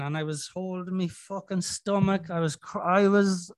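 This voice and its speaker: A man's voice: high-pitched, normal speed, smooth, dry recording, clean studio sound. A middle-aged Irish man hosting a podcast, telling a story in casual chat, swearing a lot and acting out his inner voices. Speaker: podcast host.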